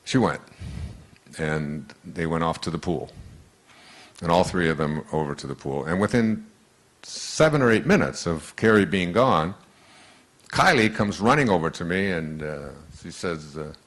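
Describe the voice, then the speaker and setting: An older man telling a wry anecdote in a relaxed, chuckling way to an audience. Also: low voice, a little slow. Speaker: speaker. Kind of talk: storytelling talk to an audience.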